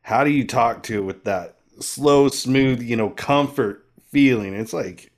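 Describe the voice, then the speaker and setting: A man's voice: medium pitch, measured pace. A man co-hosting a podcast, thinking aloud in casual, rambling talk with many fillers. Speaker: podcast co-host. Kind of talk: casual chat.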